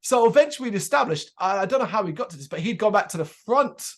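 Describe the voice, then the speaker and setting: A man co-hosting a casual chat show, telling an animated anecdote and acting out the people in it, swearing freely. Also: high voice, fast. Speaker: podcast co-host.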